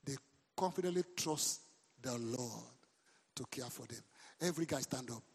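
Husky pastor preaching in a reverberant hall. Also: male voice, medium pitch, normal speed. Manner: animated preaching with sudden shouts, asks the crowd questions. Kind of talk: sermon. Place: church hall. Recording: long reverb of a large hall.

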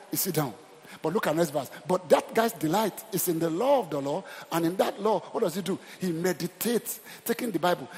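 A middle-aged Nigerian man preaching in a church hall, his somewhat high voice ringing with a long reverb. He talks emphatically, repeats himself, and keeps turning to the congregation with questions. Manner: animated and emphatic, repeats phrases, asks the crowd questions. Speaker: pastor. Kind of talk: sermon.

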